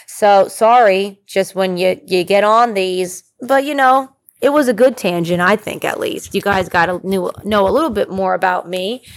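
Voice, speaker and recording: A woman hosting her podcast, rambling casually through the sign-off in a chatty, easygoing way. Her voice sits at an ordinary middle pitch. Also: normal speed, few pauses. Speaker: podcast host.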